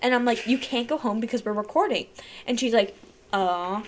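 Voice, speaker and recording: A woman with a fairly high voice tells a story on a casual podcast, bouncing between her own voice and the voices of the people in it. She laughs often and keeps the tale moving. A faint hiss of noise sits under the recording. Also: animated, moderate pace. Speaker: podcast co-host.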